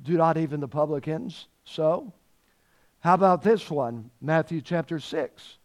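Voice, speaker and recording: A man's voice: on the high side, moderate pace. A man preaching a sermon, repeating key phrases for emphasis and reading scripture aloud in old-fashioned wording. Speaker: pastor.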